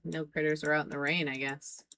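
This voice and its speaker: A woman's voice: low voice, level tone, brisk, pushed and bright, a little hiss or hum. A woman streaming a game live, chatting with her viewers in a playful, teasing way and laughing often. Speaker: streamer playing a farming game.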